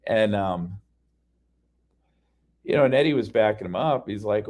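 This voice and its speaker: A man with a fairly low voice tells a story as a casual rant. He talks in a heated, profane way, full of fillers and restarts. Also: animated, normal speed, long pauses, darkish tone. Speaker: podcast ranter.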